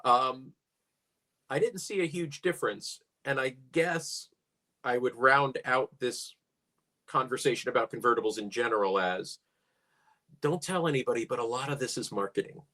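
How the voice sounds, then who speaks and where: A man's voice: mid-range voice, normal speed, sharp tone. A middle-aged man co-hosting a casual car chat, musing with dry humor. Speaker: podcast co-host.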